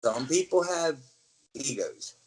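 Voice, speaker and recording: Crowd noise sits behind this rough recording of a man with a medium-pitched voice who takes it slowly. As an interview guest and former wrestler, he animatedly tells casual stories, acting out what others said and letting the odd swear word slip.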